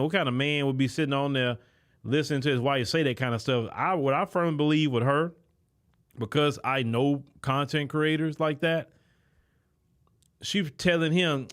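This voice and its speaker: A man's voice: fairly high pitch, normal speed. A man hosting his own show, giving an emphatic, lecturing commentary with frequent stalling fillers. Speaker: host. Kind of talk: commentary monologue.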